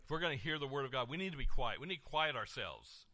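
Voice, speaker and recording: A middle-aged male pastor giving an animated sermon, dropping soft then surging loud, with repeated words. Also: mid-range voice, fast.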